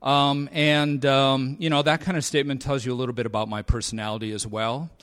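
A man in his fifties sharing his recovery story at a convention, halting with many fillers and a dry, sarcastic humor. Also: medium pitch, level tone, fairly bright tone, clean tone, no room sound. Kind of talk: personal talk at a convention. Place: convention meeting room.

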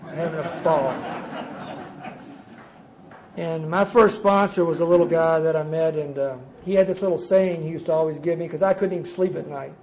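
An older man with a fairly high voice gives a personal recovery testimony to a conference audience. He tells his story emphatically, jumping from loud outbursts to quiet, dropped-off asides, and a faint hiss of noise sits under his voice. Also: steady tone, fairly quick, hardly any pauses, rough recording. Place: conference gathering before a live audience.

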